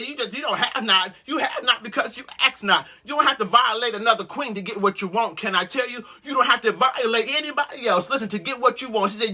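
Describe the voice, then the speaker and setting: A woman host preaching to women with loud, exuberant energy, breaking into whoops and repeated calls to listen. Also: a little high.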